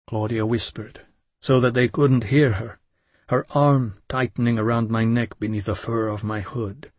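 A man reading a first-person story aloud with intensity and emotion, sometimes dropping to a hushed tone. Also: on the low side, fairly even intonation, moderate pace, slightly rough, no echo. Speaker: audiobook narrator. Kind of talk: dramatic first-person audiobook narration.

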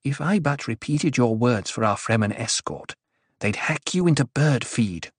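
A fierce, quick-tempered young noblewoman, as a male narrator puts her on, with a raised, sharp voice that commands and scorns. The recording is dry and close, with no room sound. It is audiobook character work. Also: a little high, big pitch swings, no room sound, pitched above the performer's own voice. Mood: scornful.

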